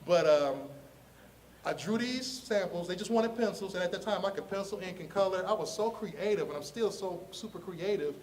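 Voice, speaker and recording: Man from Ohio, high voice, animated storyteller who laughs and acts out voices; slangy, casual; recorded a bit off-mic with faint room noise. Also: normal speed, recorded from a distance. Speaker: comic artist telling his story.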